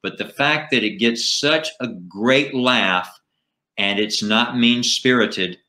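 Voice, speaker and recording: A middle-aged man, a comedian and ventriloquist, telling animated anecdotes in a casual interview. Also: medium pitch, slow pace.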